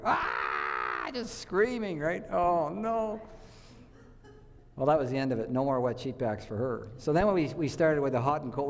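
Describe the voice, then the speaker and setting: A man's voice: medium pitch, darkish tone, in a large hall. A man giving a health talk to a church audience, telling stories and quizzing his listeners. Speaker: health speaker.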